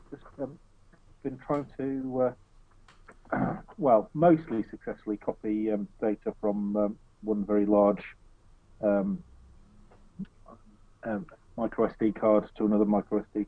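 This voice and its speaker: A man's voice: fairly low pitch, level tone, a little slow, long pauses, no echo. Dry, hesitant male player, lo-fi muffled sound. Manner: dry, sardonic, hesitant with many ums. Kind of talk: casual chat. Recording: dull lo-fi sound.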